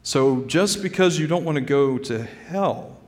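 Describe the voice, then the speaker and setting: A male pastor preaching a sermon earnestly, calling his listeners "folks" and swinging between loud emphasis and quiet drops. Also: on the high side, lively intonation, unhurried, in a large hall. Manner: addresses the congregation directly as "friends" and "folks". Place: church sanctuary.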